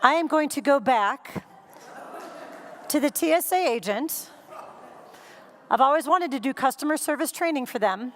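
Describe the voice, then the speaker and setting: A woman giving a keynote speech, telling a funny story in an animated way and acting out scenes and quotes for a live audience. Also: high voice, normal speed, long pauses, a little hiss or hum. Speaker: keynote speaker. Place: conference stage before a live audience.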